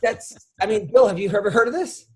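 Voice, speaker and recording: Podcast host guy, chill chatty voice, throws in quick reactions and questions. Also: sits high, sing-song. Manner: reacts with short interjections, asks questions. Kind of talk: casual chat.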